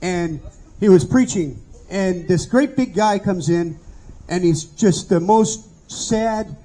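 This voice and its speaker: A man's voice: sits high, slow pace, dark tone, poor audio. A man, a pastor, telling a story during a sermon in an earnest, conversational way, acting out the dialogue he retells.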